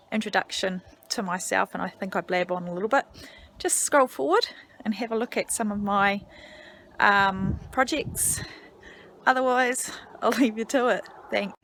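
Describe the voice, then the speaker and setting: A woman in her forties with a New Zealand accent, hosting a casual solo podcast from home, rambling along with many ums and now and then dropping to a hushed near-whisper. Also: a little high, a little hiss or hum. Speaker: podcast host.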